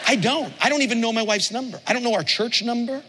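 A middle-aged man preaching a sermon as pastor, telling stories in an animated way with playful imitations. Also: very high-pitched, fast, big-room sound, background noise.

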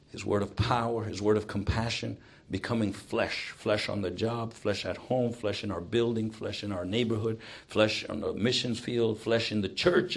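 A man preaching a sermon, swinging from emphatic exhortation to hushed, prayerful passages. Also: on the low side, vocal fry.

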